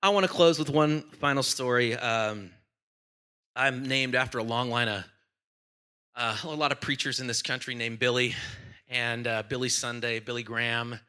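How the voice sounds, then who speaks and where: A man who is a senior pastor, preaching a sermon in a church with animated, playful storytelling. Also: medium pitch, normal speed, clean tone.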